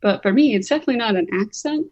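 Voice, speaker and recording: A woman's voice: on the high side, lively intonation, racing, a little mellow, highs cut off. A woman co-hosting a podcast in casual chat, earnest and reflective, with light laughs. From United States. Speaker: podcast co-host and spiritual reader.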